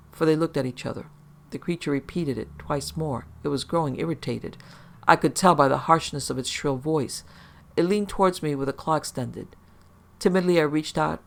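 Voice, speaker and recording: A man narrating a first-person horror story in a steady, measured way. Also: a little high, gravelly.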